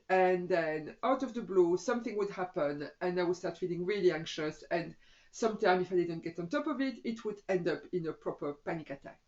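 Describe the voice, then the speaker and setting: Middle-aged yoga teacher lady, chatty, lots of "you know", a bit muffled lo-fi audio. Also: medium pitch. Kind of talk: casual teaching to camera.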